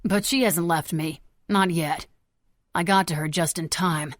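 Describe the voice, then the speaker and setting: A woman's voice: fairly low pitch, unhurried, no echo, lightly acted. Woman doing a menacing young villain. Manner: menacing, crude, snarling. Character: young man, jittery violent armed villain.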